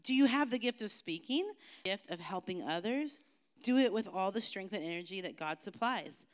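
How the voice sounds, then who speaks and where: A woman youth pastor preaching to teenagers in a chatty, joking way, slowing down for emphatic phrases. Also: mid-range voice, animated. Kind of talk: youth sermon.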